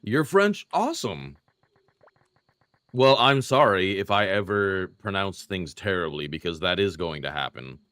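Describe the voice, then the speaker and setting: A man's voice: deep voice, unhurried, fairly bright tone, no echo, studio quality. A young man streaming a retro game, chatting casually and self-deprecatingly with his viewers while he plays. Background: faint game music.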